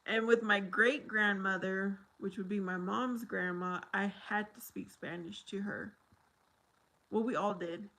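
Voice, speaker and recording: Slow-talking, bright-voiced American woman. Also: medium pitch, steady tone, rough recording. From United States. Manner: rambling, chatty, laughs often. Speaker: livestream host chatting with viewers. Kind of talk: casual livestream chat.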